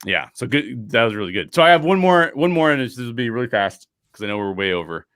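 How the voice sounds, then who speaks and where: An animated man tells a personal story as a podcast guest, with restless fillers and restarts. He jumps into other people's voices as he quotes them. His voice sits mid-range and sounds dry and close, with no room around it. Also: medium pitch, fast, dry recording. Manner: many fillers and restarts, frequent laughs. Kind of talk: casual interview storytelling.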